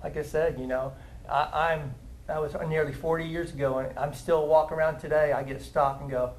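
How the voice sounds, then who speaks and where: A man's voice: fairly high pitch, flat delivery, brisk, a little hiss or hum, rough recording. A man in his fifties, a former player, telling stories about his old coach in an earnest, emphatic way. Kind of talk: casual interview tribute.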